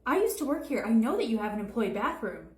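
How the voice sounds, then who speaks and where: A woman's voice: fairly high pitch, very animated, quick pace, roomy sound. A woman playing an entitled, demanding female customer in a comedy retail skit, whining and repeating her demands. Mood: indignant. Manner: whiny, repetitive, entitled demands.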